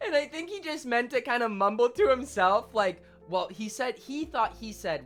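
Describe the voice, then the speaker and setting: A young man streaming, telling a story in casual chat, animated and laughing often, swearing freely. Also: extremely high pitch, moderate pace, soft background music.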